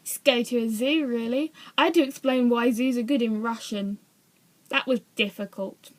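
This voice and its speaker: A woman's voice: a little high, normal speed. A young woman vlogging in a casual, rambling way, often hesitant and poking fun at herself. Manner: rambling, hesitant, self-deprecating. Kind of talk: casual chat to camera.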